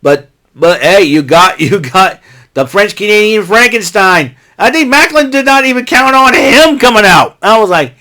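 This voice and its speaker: An American man hosting his own vlog, giving an excitable, rambling recap full of asides and restarts. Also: sits high, normal speed. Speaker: vlog host recapping wrestling.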